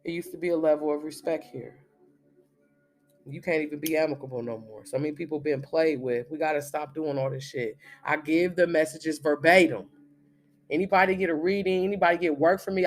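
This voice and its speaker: A man's voice: fairly high pitch, a little fast. A man in his thirties, a spiritual reader, giving a blunt, profane, emphatic monologue. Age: 30s.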